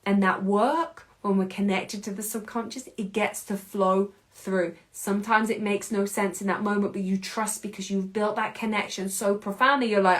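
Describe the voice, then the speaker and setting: A woman in her thirties hosting a podcast, giving an emphatic, casual motivational monologue in quick bursts, with the odd mild curse. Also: medium pitch, fairly even intonation. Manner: casual, with mild swearing and laughs. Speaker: podcast host and anxiety coach.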